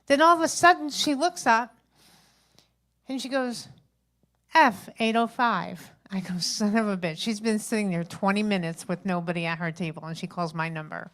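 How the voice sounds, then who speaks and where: A woman, a grandmother around her fifties, tells a chatty, animated stand-up story at an open mic, acting out the people in it. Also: medium pitch, fairly quick. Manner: chatty, animated retelling with acted-out quotes. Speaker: stand-up comedian. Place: open mic stage at a local venue.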